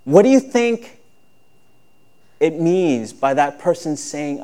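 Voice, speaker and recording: A man with a fairly high voice preaching a sermon. He talks conversationally, like a pastor speaking to his congregation, and acts out quoted speech with lively shifts in tone. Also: slow, smooth.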